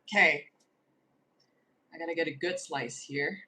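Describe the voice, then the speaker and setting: A woman chatting to the camera as a baking vlogger, excitable, gasping and giggling as she plates cake. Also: deep voice, unhurried, recorded from a distance, poor audio. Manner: talks to the camera while plating cake. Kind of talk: casual vlog chat.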